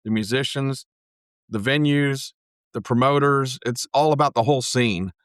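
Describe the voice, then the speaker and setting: A man's voice: mid-range voice, moderate pace, dry recording, clean studio sound. A man, a guest on a podcast, chatting casually and telling stories with plenty of swearing. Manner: profane, animated storyteller. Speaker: podcast guest, metal museum organizer. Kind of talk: casual chat.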